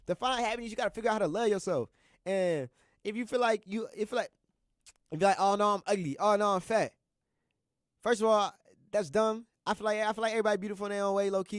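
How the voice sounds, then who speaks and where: Recorded dry and at studio quality, a young man with a high-sitting voice hosts a college radio show, offering casual motivation from the studio. He speaks earnestly in slang and keeps repeating himself.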